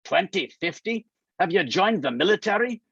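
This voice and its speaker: A man reading aloud as a gruff, teasing older man with a dry, mocking manner. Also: high voice, lively intonation, normal speed, fairly bright tone, no room sound, voice pushed up, exaggerated voice. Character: gruff, teasing older Scottish male politician. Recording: muffled lo-fi dry sound.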